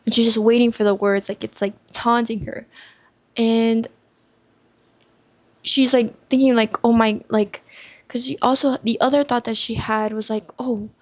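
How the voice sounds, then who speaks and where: Young woman, book vlogger, casual rambling chat, lots of "like" fillers, slightly high voice. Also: fairly even intonation, moderate pace, long pauses. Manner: rambling, heavy use of "like" fillers.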